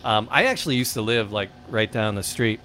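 A man with a Midwestern American accent hosting a casual podcast, telling animated stories. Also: fairly low pitch, fairly quick. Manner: animated storyteller, acts out quotes. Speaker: podcast host. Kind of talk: casual chat.

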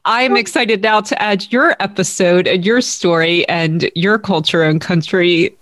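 A woman's voice: medium pitch, unhurried, a bit bright, dry recording, studio quality. Effusive woman podcast host. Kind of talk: scripted intro then casual interview.

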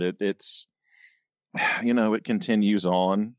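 A man with a very low voice, co-hosting a laid-back comics podcast. He talks in dry, halting bursts full of restarts. His mic sounds dull and muffled, in a dry room. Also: clear, resonant tone, no room sound. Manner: hesitant, dry, many restarts. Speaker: podcast co-host. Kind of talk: casual comics podcast banter.

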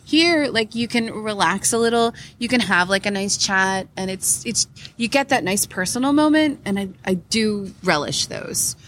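A woman co-hosts a podcast live from behind a curtain in a convention hall, chatting casually and eagerly with lots of giggles and filler words. Her mid-range voice is expressive and a bit bright, at a normal speed, with slight background noise.

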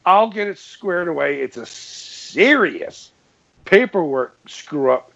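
Slow-paced and gravelly, this high-pitched male voice belongs to a New Englander telling a long story in casual conversation. He's an animated storyteller who laughs a lot and acts out the dialogue, all captured in muffled lo-fi audio.

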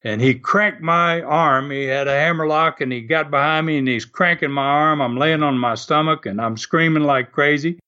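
Older man telling lively stories. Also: a little high, moderate pace, few pauses, muffled recording. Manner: animated storyteller, laughs often. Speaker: former wrestler, guest. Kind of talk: storytelling interview.

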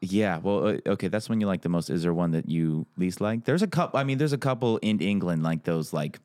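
A man's voice: low-pitched, animated, brisk, a little mellow, dry recording, clean studio sound. A man co-hosting a podcast, chatting casually in a laid-back, agreeable, wry way. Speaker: podcast co-host. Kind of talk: casual chat.

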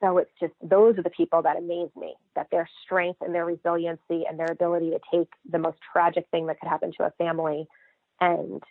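A middle-aged woman telling her family's story as a guest in a casual interview, lively and expressive. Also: lowish voice, gravelly, no echo. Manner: lively, expressive, acts out quoted voices. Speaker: guest, mother of a child cancer patient. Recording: tinny phone-line sound, dry.

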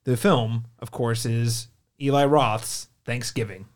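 A man's voice: medium pitch, fairly even intonation, slow. A man hosting a movie review podcast, chatting casually with lots of fillers and restarts. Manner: chatty, enthusiastic, filler-heavy. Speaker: podcast host.

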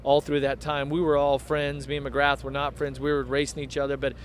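A man's voice: medium pitch, completely flat delivery, brisk, a little hiss or hum. A middle-aged man, a former motocross racer, rambling through stories in a casual interview outdoors at a race track. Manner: rambling, storytelling.

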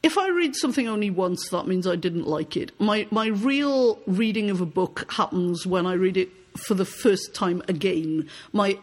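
A woman's voice: on the low side, a little mellow. A woman author who reads aloud from her own novel and then answers questions thoughtfully, often repeating words as she starts a sentence. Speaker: author being interviewed.

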